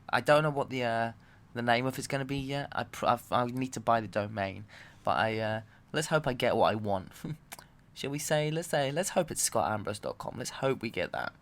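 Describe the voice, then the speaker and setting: A man, a comedian and podcast host, delivering a loud, swearing, animated comedic rant. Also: medium pitch. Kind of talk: ranting comedic monologue.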